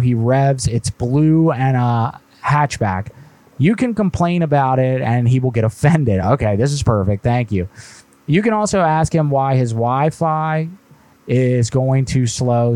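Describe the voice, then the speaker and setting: A man's voice: medium pitch, mellow, no echo. A man hosting a live stream and making a prank call, fake-friendly and then needling with mock offense. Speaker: prank caller, host.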